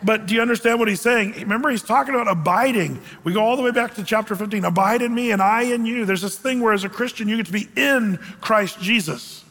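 A man's voice: high voice, fast, few pauses, long reverb tail. A man preaching a sermon, reading scripture aloud and breaking in with joking asides and acted-out voices. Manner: animated, jokey asides, acts out quoted voices. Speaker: pastor.

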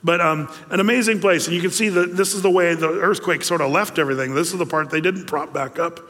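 A male pastor delivers a sermon in a relaxed, conversational manner, full of fillers and side remarks. His voice sits a little high for a man. The sound carries a long reverb, as in a church hall. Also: quick pace. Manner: conversational, many fillers and asides.

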